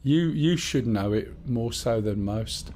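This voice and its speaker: A man's voice: mid-range voice, expressive, takes it slowly, mellow, a little hiss or hum. A man with a Black Country accent chatting casually and rambling to himself while he streams a game. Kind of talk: casual live-stream gaming chat.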